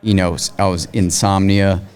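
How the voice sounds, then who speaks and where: A middle-aged man speaks in a very low voice, recounting events steadily and matter-of-factly as a podcast guest. The talk is casual and conversational. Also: level tone, normal speed, darkish tone. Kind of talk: casual interview chat.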